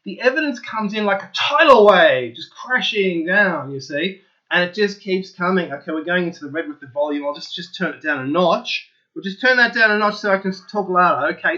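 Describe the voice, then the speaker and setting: A man with a high, bright voice talks straight to his viewers in an eager, insistent monologue, repeating himself as he presses each point. The recording sounds dull and lo-fi. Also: lively intonation, normal speed. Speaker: channel host. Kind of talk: opinionated solo monologue to viewers.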